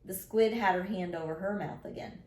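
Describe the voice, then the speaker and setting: Woman reading a kids' chapter book out loud, expressive, echoey room. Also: medium pitch, moderate pace. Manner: expressive, first-person narration. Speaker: storyteller. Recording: roomy echo.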